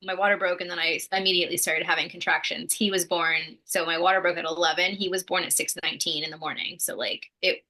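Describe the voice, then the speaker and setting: A young woman co-hosting a podcast, chatting in a relaxed way with lots of fillers and some laughs. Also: lowish voice, fast, few pauses. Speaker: podcast co-host, mother of two. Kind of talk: casual chat.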